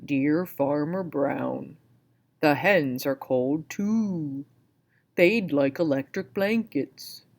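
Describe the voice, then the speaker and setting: Storybook read-aloud: a woman voicing cows, low and slow, politely formal, like a letter. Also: darkish tone, heavily acted. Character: polite cows writing a note.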